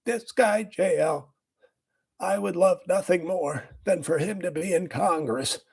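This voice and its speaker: Here a man impersonates a boastful and cranky older male health official for laughs. His voice is high-pitched, raspy and strained, heavily acted at a measured pace, and he rambles before bursting into shouts.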